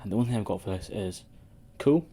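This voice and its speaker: Male podcast co-host, low mellow tone, sweary rambling banter. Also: lively intonation, fast talker, husky. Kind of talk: casual wrestling podcast chat.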